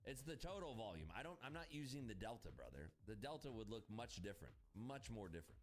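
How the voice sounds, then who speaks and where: A man runs a casual livestream of his trades, riffing with viewers and cursing when a trade gets away. His voice swings widely in pitch as he jokes and vents. Faint music plays behind him. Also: quick pace. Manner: profane, excitable, jokey, frequent swearing. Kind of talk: casual live-stream chat, answering viewers.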